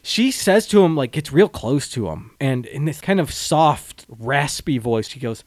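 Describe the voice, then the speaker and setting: A man's voice: a little high, sing-song, measured pace, no room sound. A man co-hosting a podcast, chatting casually about a film in a blunt, crude, jokey way and laughing often. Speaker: podcast co-host.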